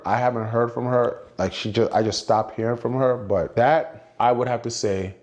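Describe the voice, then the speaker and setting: A man's voice: lowish voice, darkish tone. A middle-aged man casually telling a story on a podcast, retelling dialogue with frequent "I was like" asides. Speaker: guest storyteller.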